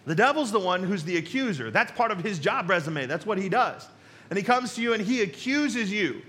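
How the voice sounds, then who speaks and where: Pastor guy preaching, high bright voice, chatty storytelling style. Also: very animated, a little fast. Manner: conversational, storytelling, playful. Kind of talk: sermon.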